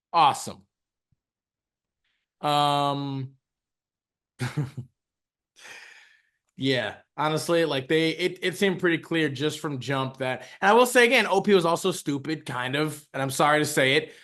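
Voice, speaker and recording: A man's voice: on the high side, bright, forceful tone. A man co-hosting a podcast, ranting casually and profanely, with lots of restarts, as he reacts to a story. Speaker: podcast co-host.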